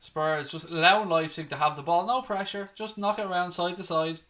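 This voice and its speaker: A man's voice: sits high, steady tone, a little fast, sharp tone. A young Irish man from Ireland hosting a football watchalong, giving live play-by-play mixed with blunt, sweary opinions and bursts of outrage. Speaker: watchalong host. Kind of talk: live match commentary and chat.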